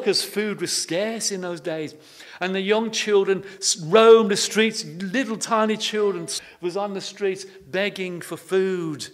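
A man's voice: sits high, unhurried. A man preaching a sermon, telling stories in a homely way and often repeating his words. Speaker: pastor. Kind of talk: sermon with storytelling.

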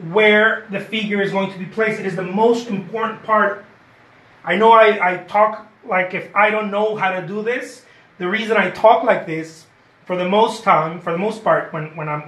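In a live painting lesson, a man with a high, slightly bright voice chats encouragingly, repeating his points and frequently asking "okay?" The recording has a roomy echo.

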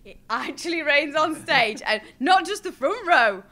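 An actress chatting as a guest in an interview, animated and laughing often. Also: female voice, sits high, moderate pace. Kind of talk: casual chat.

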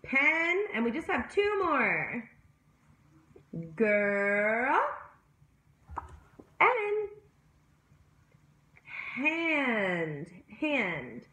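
A woman leading a children's circle time, drawing each word out slowly in a lively, sing-song voice that rises and falls a lot. Her voice sits a touch high, and it rings around a roomy, echoey home room as she talks to a webcam. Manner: slow, sing-song and encouraging, addressing young children. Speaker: preschool teacher.

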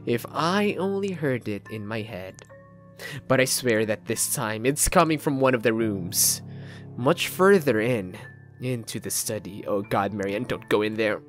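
A man from the Philippines reads a horror game's narration aloud in a mid-pitched voice, dramatic and mixed with his own asides. Faint music sits under his voice. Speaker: let's play gamer. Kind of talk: reading game narration aloud with commentary.

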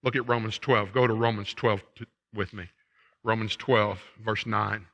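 A man preaching a sermon in a church, folksy and conversational, swinging from quiet reflection to loud punchy asides. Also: fairly low pitch, steady tone, moderate pace. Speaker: pastor. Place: church sanctuary.

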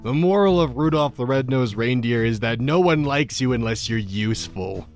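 A man's voice: medium pitch, lively intonation, normal speed, soft background music. An American man hosting, reading funny posts aloud in a casual comedic way, often breaking into laughter.

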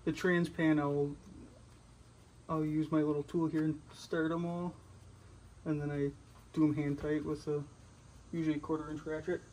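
A man's voice: a little high, little pitch movement, moderate pace, long pauses, a little mellow, a little hiss or hum. A man plainly explaining his steps while working on a car. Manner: plain, practical, matter-of-fact. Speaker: mechanic doing the repair. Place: garage or driveway, working on a car.

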